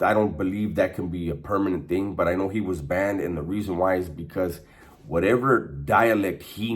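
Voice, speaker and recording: A man casually recounting his time in prison, with streetwise slang and a profane, rambling style. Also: sits low. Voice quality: profane, conversational. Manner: streetwise slang, frequent restarts and fillers. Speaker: former inmate telling prison stories. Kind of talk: casual storytelling monologue.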